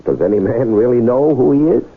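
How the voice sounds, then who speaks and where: An actor playing a theatrical, smooth-talking con man in a 1970s radio drama, wheedling and teasing. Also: medium pitch, expressive, brisk. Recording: tinny old radio broadcast.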